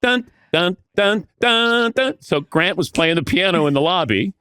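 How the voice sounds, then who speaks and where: A man telling animated anecdotes as a podcast guest, acting out the voices of the people in his stories. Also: high-pitched, unhurried, clear, resonant tone, dry recording, clean studio sound. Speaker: podcast guest, veteran sportscaster. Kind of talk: casual storytelling.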